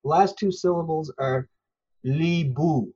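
Man, from newfoundland, teacherly interview guest, patient, mid-pitched voice, muffled lo-fi sound. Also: measured pace, darkish tone. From Newfoundland, Canada. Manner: patient, teacherly, hesitant fillers. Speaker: interview guest, language learner. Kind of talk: earnest conversational explanation.

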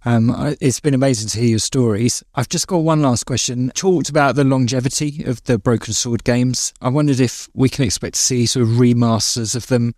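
A man's voice: mid-range voice, fairly even intonation, fairly quick, hardly any pauses, a little mellow, dry recording. Man, interview host, polite, hesitant questions, dry close sound. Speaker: podcast host.

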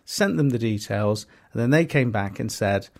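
A man's voice: on the low side, lively intonation, normal speed, vocal fry. A man co-hosting a podcast, chatting casually and telling a rambling story full of fillers and restarts. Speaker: podcast co-host and comedy promoter. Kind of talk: casual chat.

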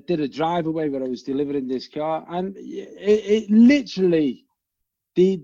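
Man, podcast guest, expressive and crude, fairly high, dry and dull recording. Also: no room sound. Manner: expressive, swearing, quick jokes. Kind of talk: casual chat.

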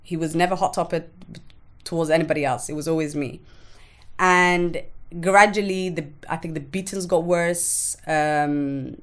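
A woman's voice: low voice, fairly even intonation, a little slow. A woman, a podcast guest recounting her own life frankly and bluntly, swearing freely. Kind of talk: candid personal testimony in conversation.

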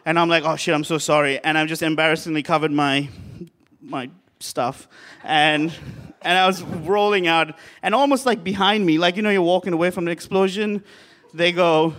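A man's voice: a little high, moderate pace, a bit bright. A man from Sri Lanka telling a rambling, self-mocking story to a laughing live crowd in a bar. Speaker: comedian.

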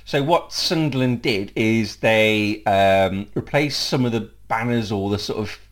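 A man's voice: fairly low pitch, measured pace. An English man hosting a casual football podcast, laughing often and rambling with fillers. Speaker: podcast host.

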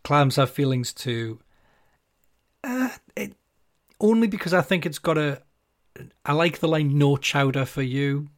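A man's voice: a little high, sing-song, measured pace, long pauses. A man co-hosting a podcast, talking fondly about an album in an amused, easygoing way. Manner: amused, fond, laughs easily. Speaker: podcast co-host. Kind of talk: casual album review chat.

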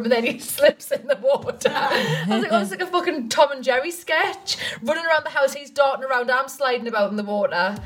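A woman comedian in casual comedic chat, laughing often as she tells animated stories. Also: sits high. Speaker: comedian podcast co-host.

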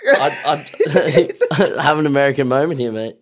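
A man's voice: medium pitch, lively intonation, moderate pace. An Australian man co-hosting a podcast in casual chat, joking and teasing. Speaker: podcast co-host.

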